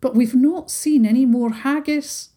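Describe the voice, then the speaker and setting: A woman's voice: high-pitched, unhurried, mellow, pitched above the performer's own voice. A woman voicing an earnest, polite young prince in a children's storybook. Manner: polite, serious.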